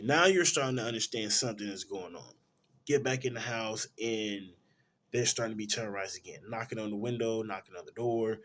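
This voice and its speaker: A man reviewing films, retelling a movie's plot in a casual, animated way full of slang. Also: fairly low pitch, a little hiss or hum. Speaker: film reviewer.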